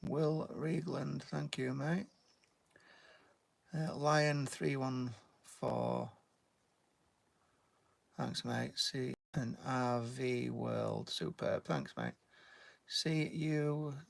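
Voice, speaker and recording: A man's voice: mid-range voice, lively intonation, extremely slow, gravelly, long pauses, no echo. A British man chatting casually while giving a drawing tutorial and thanking viewers. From Britain. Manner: chatty, reads out viewer names and thanks them, "mate". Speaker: artist live-streaming.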